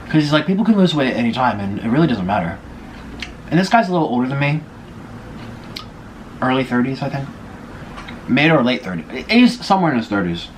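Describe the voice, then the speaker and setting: A young man talks to his viewers between bites, spilling gossip in a lively, up-and-down voice. The delivery is loose and chatty. A faint hum of the room sits underneath. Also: medium pitch, fairly quick, long pauses. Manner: gossipy, chatty, eating while talking. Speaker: vlogger. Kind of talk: casual mukbang chat.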